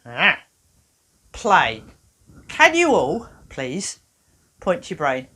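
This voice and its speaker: Lively chatty woman therapist. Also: deep voice, drawn-out words, husky. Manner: chatty, playful, expressive, self-mocking humor. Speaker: therapist and workshop speaker. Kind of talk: lively workshop talk.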